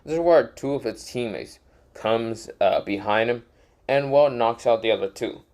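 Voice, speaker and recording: A man's voice: medium pitch, normal speed, a little mellow. A young man casually narrating a made-up fan story, rambling with many fillers and self-corrections.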